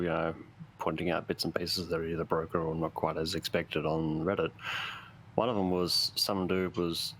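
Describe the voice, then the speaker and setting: Male gamer, very low voice, relaxed chatty delivery. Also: slight background noise. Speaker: player in a multiplayer game. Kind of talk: casual gaming chat.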